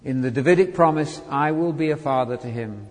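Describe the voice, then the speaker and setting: A man teaching a Bible study sermon, emphatic, with rhetorical questions and wide swings from loud to soft. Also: medium pitch, a little fast. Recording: long hall reverb.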